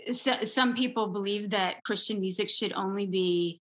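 A woman's voice: mid-range voice, normal speed, fairly bright tone. A woman, a composer and musician, talking earnestly as an interview guest and explaining her views with examples. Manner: earnest, explains with examples, occasional light laughs. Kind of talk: conversational interview.

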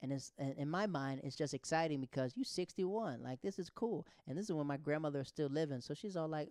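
Fast and barely pausing, this slightly high-pitched man in his thirties delivers stand-up in a dry, clean studio recording. His stories ramble animatedly and keep getting derailed by his own asides.

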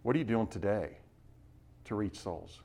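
A man preaching to a missionary class, urging his listeners with rapid rhetorical questions and frequent restarts. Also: lowish voice, darkish tone. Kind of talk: sermon-style teaching.

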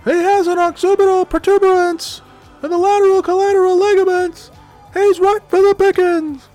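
A man doing a deliberately bad impression of a veteran wrestling commentator, high and strained, in a mock-serious tone. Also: little pitch movement, darkish tone, soft background music. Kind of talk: sports commentary parody.

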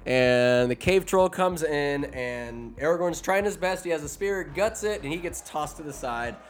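A man's voice: on the high side, lively intonation, measured pace. A man giving a casual, comedic movie recap, rambling and profane with sarcastic asides.

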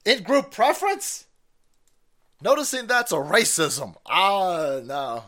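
Male streamer, sarcastic and foul-mouthed, with a lively, bouncing pitch. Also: slow pace. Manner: profane, sarcastic, mocking; frequent laughter and sudden yells. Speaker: stream host. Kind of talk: livestream commentary rant.

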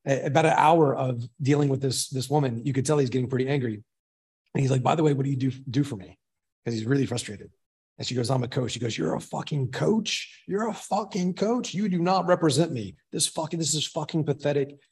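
Husky-voiced man telling a story. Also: medium pitch. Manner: rambling, profane, excitable retelling. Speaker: podcast guest. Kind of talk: casual storytelling.

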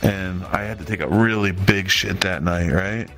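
A man's voice: sits low, moderate pace, fairly bright tone, faint music behind. A young man chatting on a podcast, stoned, telling rambling profane stories and laughing. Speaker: podcast host. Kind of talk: casual chat, storytelling.

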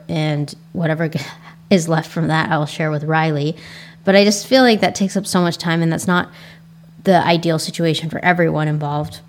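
A woman's voice: low-pitched, a little mellow. A young adult woman with an Asian American accent hosting a casual solo podcast, reflective and rambling with frequent restarts. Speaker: podcast host.

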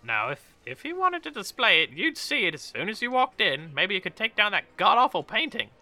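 A man's voice: sits high, big pitch swings, brisk, sharp tone, voice pushed up, heavily acted. Man putting on a sassy flirty dragonborn lady. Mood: gossipy. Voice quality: teasing, brash.

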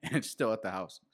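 A man's voice: high voice, sharp tone. A young man co-hosting a podcast, joking and swearing in easygoing casual chat.

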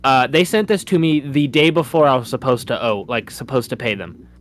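A man's voice: mid-range voice, brisk. Hesitant man venting, with a faint hiss. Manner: hesitant, groping for words, aggrieved storytelling. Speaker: podcast co-host. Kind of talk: casual chat.

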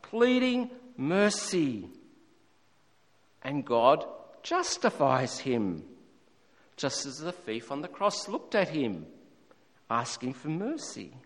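A man preaching a sermon in a church, slow and emphatic, repeating key words. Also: fairly high pitch, fairly bright tone. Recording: echoey hall reverb.

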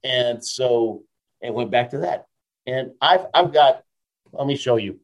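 A man in his fifties, a motivational speaker telling stories as an interview guest, lively, laughing often and ending lines with a quick "right?". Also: mid-range voice. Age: 50s. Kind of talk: storytelling in a casual interview.

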